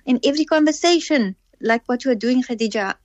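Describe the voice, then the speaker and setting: A woman's voice: fairly high pitch, fast talker, no echo, highs cut off. A woman speaking as a radio guest in an earnest, heartfelt and reflective way. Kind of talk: radio interview.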